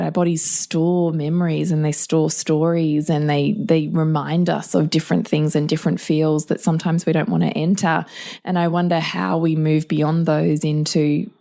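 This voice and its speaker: A woman's voice: deep voice, vocal fry, warm tone. A woman hosting a podcast interview, thoughtful and musing as she reflects on what her guest says. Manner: thoughtful, musing, frequent mm's. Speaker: podcast host.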